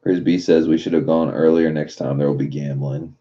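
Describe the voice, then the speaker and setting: A man's voice: extremely low pitch, little pitch movement, brisk, highs cut off. A man live streaming late at night in a casual, profane way, reading chat messages aloud and riffing on them.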